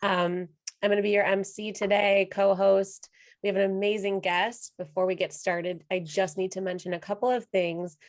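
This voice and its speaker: A woman on a marketing team, emceeing and reading housekeeping announcements at the start of a webinar in a friendly, brisk way. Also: medium pitch, fairly even intonation.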